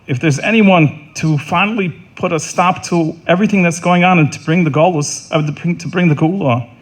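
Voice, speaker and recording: A middle-aged man delivering a funeral eulogy in an earnest, halting way, often repeating words and restarting. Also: a little high. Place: funeral service.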